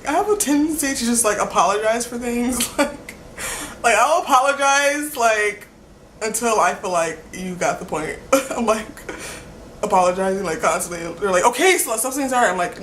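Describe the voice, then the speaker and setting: A woman's voice: mid-range voice, lively intonation, moderate pace, a bit bright. Young woman rambling on her vlog, giggly, says sorry a lot, echoey room, faint hum behind. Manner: giggly, apologetic, rambling with constant "like". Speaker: vlogger.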